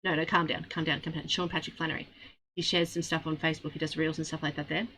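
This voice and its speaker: A woman's voice: low-pitched, level tone, fast, pushed and bright, a little hiss or hum. A woman co-hosting a livestream in casual chat, playful and joking. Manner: playful, joking, drops into a mock accent. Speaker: streamer co-host.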